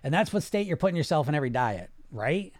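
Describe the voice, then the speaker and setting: Male coach, a bit high, rambling and animated, live-chat host who turns to calm relaxation cues, dry close sound. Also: fast talker, dry recording. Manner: rambling, animated, with frequent restarts and "right?". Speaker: weight-loss coach and podcast host.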